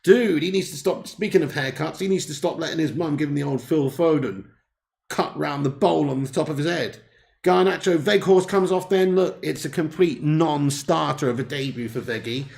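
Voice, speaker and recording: A man's voice: on the high side, moderate pace, vocal fry, darkish tone. A man hosting a live football watch-along, bantering and laughing with viewers between commentary. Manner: jokey banter, laughs often, chats with viewers. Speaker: host.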